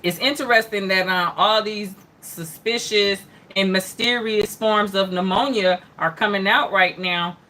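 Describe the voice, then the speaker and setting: Bright-voiced woman chatting through headlines. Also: mid-range voice, unhurried, few pauses. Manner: reads headlines aloud, then reacts with chatty asides and many mm-hmms; greets and answers viewers by name. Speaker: host of an online news hour. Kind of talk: casual livestream headline commentary.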